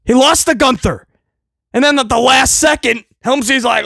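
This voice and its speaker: A man giving a heated, sarcastic wrestling rant that often breaks into shouting. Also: extremely high pitch, moderate pace, vocal fry, no echo. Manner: ranting, sarcastic, shouting at times. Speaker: wrestling commentator.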